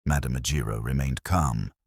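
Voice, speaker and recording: A man narrating a folktale in a scripted, dramatic and expressive way. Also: very deep voice, moderate pace, creaky, breathy edge, no room sound, clean studio sound. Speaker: storyteller.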